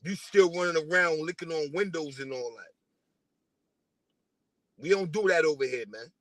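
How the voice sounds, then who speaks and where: A man's voice: fairly high pitch, moderate pace, fairly bright tone, dry recording. A man from New delivering a casual, profane diss rant at a rival, taunting and repeating himself.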